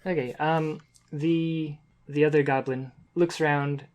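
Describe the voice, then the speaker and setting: A man's voice: on the high side, steady tone, unhurried, a little mellow. A man narrating scenes as game master of a tabletop game, with frequent ums and uhs.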